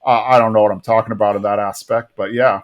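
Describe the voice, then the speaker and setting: A man's voice: fairly low pitch, fairly even intonation, fast. A man co-hosting a podcast, casually recapping an episode and rambling, sometimes acting out characters' lines. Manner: rambling, acts out lines in funny voices. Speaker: podcast co-host.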